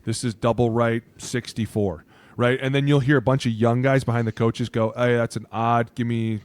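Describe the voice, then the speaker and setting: A man's voice: medium pitch, steady tone, normal speed, a little mellow, clear, resonant tone, no room sound. Blunt, profane former lineman. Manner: blunt, profane, acts out coaches' lines. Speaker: podcast co-host, former NFL offensive lineman. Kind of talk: casual sports chat.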